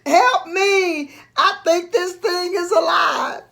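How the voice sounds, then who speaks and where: A woman voicing a clumsy, cheerful male cartoon dog in a storybook read-aloud, speaking loudly and excitedly. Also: sits high, slow pace, exaggerated voice. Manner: loud, excited, exclaiming.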